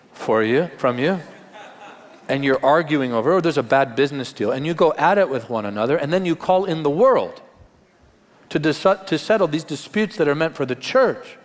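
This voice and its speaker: A man, a pastor, preaching a live Sunday sermon in a conversational, emphatic way with wry humor. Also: medium pitch. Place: large church auditorium. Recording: long hall reverb in live church.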